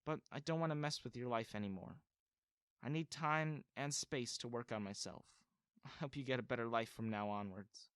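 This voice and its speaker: A man voicing a departing mother who speaks in a quiet, resigned way. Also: mid-range voice, normal speed, smooth, dry recording, studio quality, lightly acted. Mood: sad resigned. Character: departing mother, sad and apologetic.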